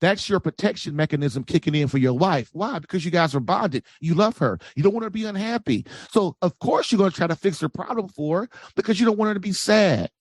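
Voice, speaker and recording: A man giving relationship advice as a podcast guest, preachy and animated, acting out quoted voices. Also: high-pitched, fast, few pauses, dry recording.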